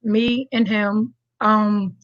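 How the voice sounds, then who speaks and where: Slow-spoken woman reverend, dry lo-fi sound. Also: mid-range voice, little pitch movement, no echo. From New Jersey. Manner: candid, addresses listeners directly. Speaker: reverend and mother. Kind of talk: personal testimony.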